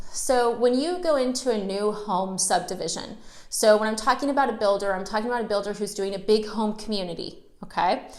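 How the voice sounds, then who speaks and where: A woman mortgage loan officer talks casually to the camera in a chatty, animated way. Her voice sits on the high side, and the room around her sounds echoey. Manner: chatty, animated, acts out quotes. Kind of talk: casual storytelling vlog.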